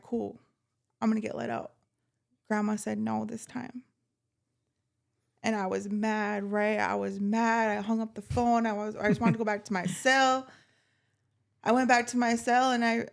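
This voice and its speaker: Woman podcast host; strong vocal fry, even pitch; heartfelt and halting. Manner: heartfelt, halting, many fillers. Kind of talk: casual interview chat.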